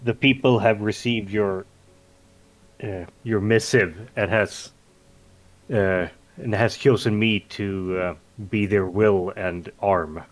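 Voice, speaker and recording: A man playing a stern, ceremonial male dwarf envoy, speaking in a gravelly voice with a calm, even, formal manner. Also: on the low side, slow pace, low-quality recording.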